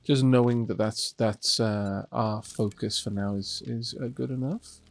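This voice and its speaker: A man's voice: fairly low pitch, fairly even intonation, measured pace, vocal fry. A man hosting a co-op game let's play, chatting casually with dry sarcastic humor and frequent hesitations. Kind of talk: casual co-op gameplay chat.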